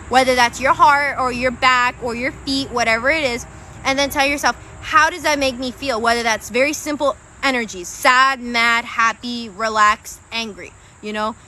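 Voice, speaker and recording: Bright, chatty young woman reading tarot. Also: high-pitched, a little hiss or hum. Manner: chatty, swears casually, addresses viewers as guys and babe. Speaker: tarot reader. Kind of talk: live-stream tarot reading.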